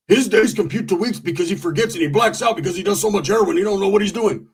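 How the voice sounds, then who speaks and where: Casting: man, slightly raised pitch, husky tone, profane rambling storyteller. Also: fast, few pauses. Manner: rambling, profane, with frequent asides and laughs.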